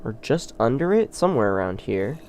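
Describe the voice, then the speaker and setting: A man hosting a gaming channel who rambles through a let's play with excitable, self-deprecating commentary. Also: mid-range voice, brisk, a little hiss or hum.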